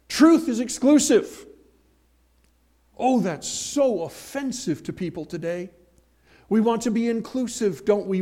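Emphatic preacher man with a high voice. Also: a little mellow. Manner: emphatic, slows and swells on key phrases; folksy asides and homely examples. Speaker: pastor. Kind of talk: sermon.

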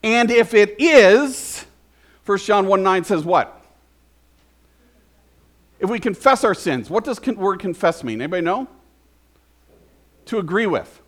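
A man's voice: high voice, animated, unhurried, long pauses. A man preaching a conversational sermon, often asking the congregation questions. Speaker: pastor.

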